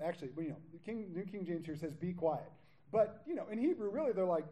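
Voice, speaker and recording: This pastor has a high voice and a brisk delivery, captured on a low-quality recording. He works through a Bible passage verse by verse, reading aloud and interrupting himself with animated jokes and casual asides.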